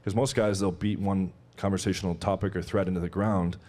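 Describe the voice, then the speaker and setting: A man appearing as a guest dating coach on a podcast, explaining his advice in quick, rambling casual talk. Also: low-pitched, flat delivery, a little mellow. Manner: explains with quick run-on sentences full of "like".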